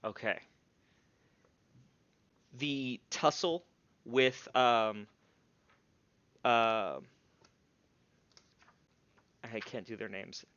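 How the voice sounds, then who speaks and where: A man narrating and refereeing a tabletop game on a live stream, talking in a relaxed, halting way with plenty of fillers. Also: mid-range voice, smooth, no echo. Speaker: game master. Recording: dull, lo-fi stream audio.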